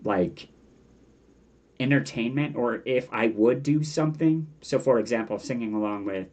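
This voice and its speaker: A man in his forties, a guest chatting casually in an interview, animated and often breaking off mid-thought to quote his younger self. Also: mid-range voice, normal speed. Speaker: podcast guest.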